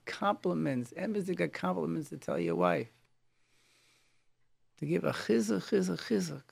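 A male rabbi delivers a sermon in a heavily gravelly voice that sits a little high. The sound is close and dry, with almost no room in it. He tells stories, acts out the lines he quotes, and often stops mid-word to start again. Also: no echo. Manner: halting, restarts words.

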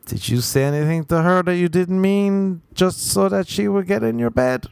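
Man doing a nagging high-pitched inner brain voice. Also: normal speed, vocal fry, darkish tone, clean tone, no echo. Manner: scolding, insistent.

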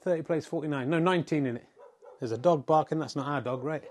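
A man's voice: a little high, fast, darkish tone. A middle-aged man giving wry, self-mocking mock sports commentary, swearing in mock exasperation at the play. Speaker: comedy snooker commentator.

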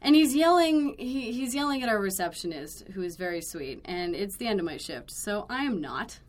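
A woman on a podcast telling a work story in casual chat, animated, acting out quoted lines and adding blunt, dry asides. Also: mid-range voice, normal speed.

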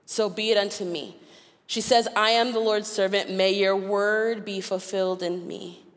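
A woman preaching a sermon, telling personal stories with animated delivery and frequent laughter. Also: medium pitch, moderate pace, long reverb tail. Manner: animated, acts out voices in her stories, laughs often. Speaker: guest preacher. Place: church sanctuary.

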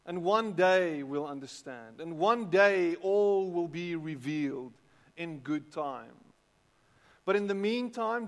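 A man with a South African English accent preaching a sermon, chatting with the congregation and often repeating words. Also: high voice. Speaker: pastor. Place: church hall with long reverb. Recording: echoey hall.

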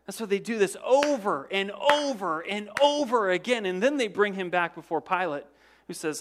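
A pastor preaching a sermon, retelling events dramatically. He repeats words as he goes, asks the congregation rhetorical questions, and swings from loud emphasis to hushed, low passages. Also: big pitch swings, normal speed. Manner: dramatic storytelling with frequent word repetitions and restarts.

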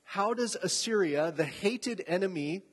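A man's voice: high-pitched, animated, a little slow, husky. A man giving a sermon as a pastor, telling the story in a casual, chatty way with asides. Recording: long reverb of a hall.

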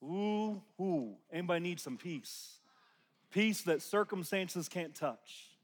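A man with a high voice preaches to his congregation, swinging from loud, emphatic declarations down to hushed, near-whispered lines. He repeats his key phrases and has the crowd call them back to him. His voice trails off in the long reverb of a church hall. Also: lively intonation, takes it slowly. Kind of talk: sermon.

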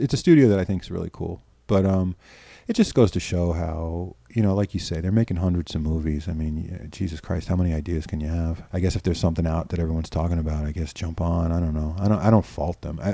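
A man's voice: low voice, mellow, dry recording. A middle-aged man from New York, a filmmaker guest telling stories in a rambling, casual way with lots of restarts and some swearing, on a close podcast mic. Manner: rambling, repeats words and restarts, swears freely. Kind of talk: casual storytelling interview.

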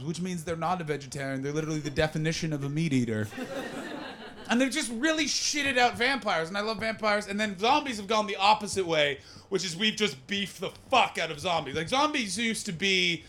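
An American man doing stand-up with crowd work, brash and profane, switching between muttered asides and loud rants in a comedy club. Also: sits high, sing-song, brisk, slight background noise.

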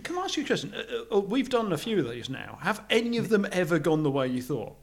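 A man's voice: high voice, very animated, fast talker, gravelly. A man co-hosting a podcast in casual chat, self-deprecating and often repeating his words. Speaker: podcast co-host.

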